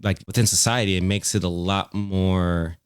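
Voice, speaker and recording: A man's voice: low-pitched, steady tone, moderate pace, smooth, dry recording, studio quality. A man, a music producer guest on a podcast, talking casually and rambling with many fillers and restarts. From United States. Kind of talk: casual conversational interview.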